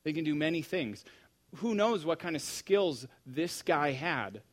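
Male preacher, sermon delivery, animated storyteller moving between hushed and loud. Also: mid-range voice.

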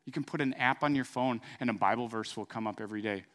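A man's voice: mid-range voice, quick pace, a bit bright. A middle-aged man preaching a sermon in an earnest, conversational way, then moving into a fervent prayer. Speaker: pastor.

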